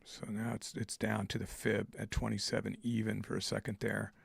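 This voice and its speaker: A man giving live trading commentary. He thinks aloud in a halting way, with many fillers. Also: on the low side, level tone, creaky, breathy edge, no echo. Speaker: trader streaming live.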